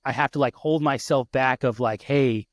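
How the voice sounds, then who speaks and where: A man in his thirties hosting a casual podcast interview, lively and quick to act out his kids' voices. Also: mid-range voice, dry recording, clean studio sound. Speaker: podcast host.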